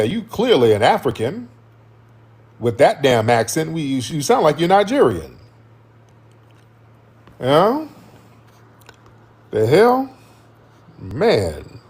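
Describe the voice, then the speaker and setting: Brief: husky male livestream host, lively up-and-down delivery, confrontational and slangy. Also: medium pitch. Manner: combative, slangy, swears, addresses chat directly. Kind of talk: heated livestream commentary.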